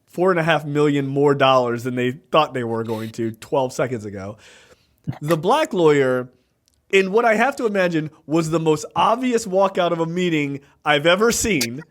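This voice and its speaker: A man co-hosting a casual film review podcast, retelling scenes in an animated way with many fillers. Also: a little high, normal speed. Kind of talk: casual chat.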